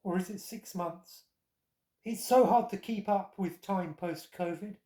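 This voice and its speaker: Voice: medium pitch, a little slow, warm tone, roomy sound. A tired vlogger giving rambling, sardonic commentary with self-mocking asides, short on sleep.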